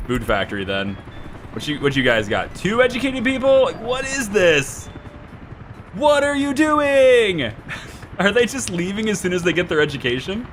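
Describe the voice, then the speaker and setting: A man streaming a city-building game live, chatting to himself and yelling frantically when things go wrong. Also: medium pitch, slight background noise. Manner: excitable, swings from mumbling to frantic shouting. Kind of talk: live gameplay commentary.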